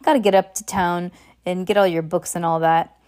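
A woman reading a storybook aloud, voicing a big bearded male gamekeeper in a rough, plain way with casual dropped words. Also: on the low side, steady tone, moderate pace, a little mellow, natural voice. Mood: gruff. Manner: rough dropped-word speech, stumbling over lines while reading.

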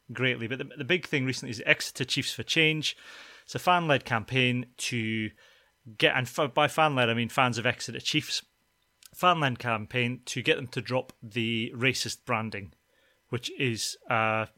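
A chatty man hosting a podcast, his voice bright and forceful. He talks loosely, with many fillers and restarts, and the recording is dry and close. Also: medium pitch, dry recording. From Scotland. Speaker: podcast host. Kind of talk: casual chat.

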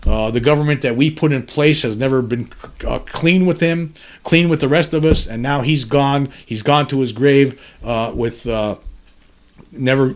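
A male podcast host who reads news stories aloud and then breaks off to comment on them. His commentary is earnest and somber, and his voice sits at an ordinary middle pitch. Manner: earnest, somber commentary between read passages. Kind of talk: reading news articles aloud with personal commentary.

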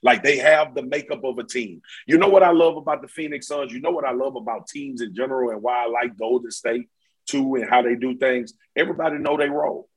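A man's voice: mid-range voice, fairly quick, slightly rough, rough recording. A man talking basketball in a casual, slangy, emphatic way on a podcast. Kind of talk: casual sports chat.

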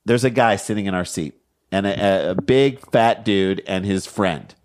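A middle-aged man, a podcast co-host, telling a story in lively chat and acting out the people in it. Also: deep voice, moderate pace. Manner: lively, acts out the other people in his story.

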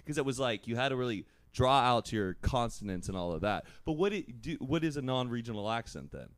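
A man's voice: mid-range voice, expressive, a little fast, clear, resonant tone, dry recording. A young man with a light Texan accent hosting a podcast in a chatty, casual way with many fillers. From Dallas, Texas. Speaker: podcast host.

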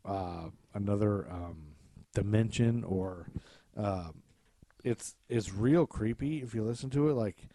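A man's voice: fairly low pitch, takes it slowly, dark tone, slight background noise. A man co-hosting a podcast, chatting casually and animatedly, swearing freely and trailing off with fillers. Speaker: podcast co-host. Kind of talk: casual chat.

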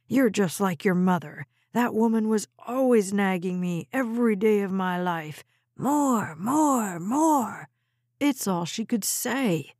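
A woman's voice: medium pitch, animated, takes it slowly, a little mellow, no room sound, clean studio sound. A woman doing a bellowing, bitter stepfather. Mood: angry scorn. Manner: bellowing, mocking. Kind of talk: audiobook character reading.

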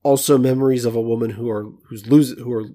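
A man giving his take on a film on a podcast, weighing his words with small restarts. His voice is at an ordinary middle pitch, and his delivery is casual and reflective. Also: fairly even intonation, fast, dark tone. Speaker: podcast co-host.

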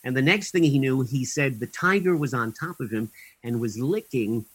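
Here a man speaks as an actor being interviewed, his mid-range voice husky and lively in intonation at a normal speed, and the recording is rough. Wry and chatty, he tells lengthy stories with plenty of fillers and false starts, landing jokes with dry timing and laughing at his own punchlines.

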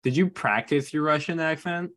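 Man, player, bright forceful voice, teasing, slightly high. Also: moderate pace. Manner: joking, teasing.

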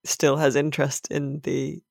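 A woman's voice: low voice, level tone, unhurried, vocal fry, darkish tone, no echo. Woman, podcast host, casual chat, dry wit, close dry sound. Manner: dry, wry, laughs often.

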